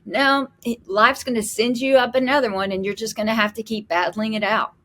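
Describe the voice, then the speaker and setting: A woman co-hosting a podcast, chatting in an animated way and acting out her own reactions. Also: on the high side, brisk. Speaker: podcast co-host. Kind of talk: casual podcast conversation.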